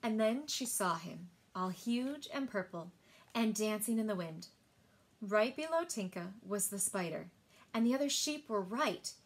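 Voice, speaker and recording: A woman librarian reading picture books aloud in an expressive, sing-song storytelling manner. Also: medium pitch, measured pace.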